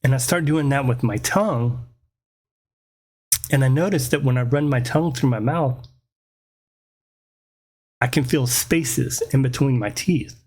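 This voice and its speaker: A man telling a personal story in a casual, animated way, swearing freely and often checking in with "right?". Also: mid-range voice, measured pace, long pauses, husky. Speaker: podcast host.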